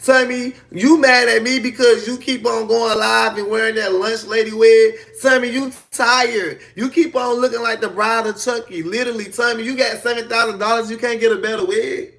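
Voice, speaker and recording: A man's voice: very high voice, fairly even intonation, moderate pace, vocal fry, hardly any pauses, fairly bright tone. A man on a casual livestream, trash-talking a rival with mocking, sing-song insults.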